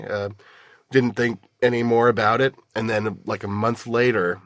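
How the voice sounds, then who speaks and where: A man voice actor in casual podcast chat, relaxed and measured, telling wry anecdotes. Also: medium pitch, no echo, clean studio sound.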